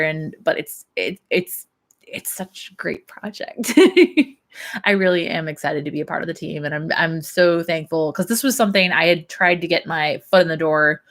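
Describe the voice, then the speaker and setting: A young woman and systems engineer chatting casually on her livestream, laughing often. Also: lowish voice.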